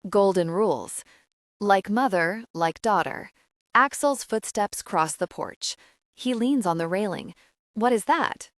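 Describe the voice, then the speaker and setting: A woman reading a first-person audiobook with expressive, lively narration. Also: medium pitch, measured pace, dry recording, studio quality.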